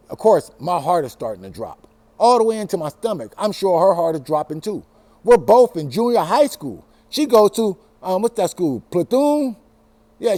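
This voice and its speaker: Animated, high-voiced storytelling man. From Los Angeles. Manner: animated, profane, swinging from hushed to loud. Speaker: storytelling host. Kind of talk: casual personal storytelling.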